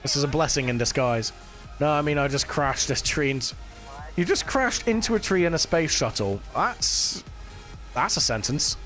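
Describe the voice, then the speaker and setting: A man's voice: on the high side, expressive, moderate pace, a bit bright. Chatty man streaming. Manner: chatty, swears casually, reads and answers chat while playing. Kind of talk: casual live-stream chat. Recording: faint music behind.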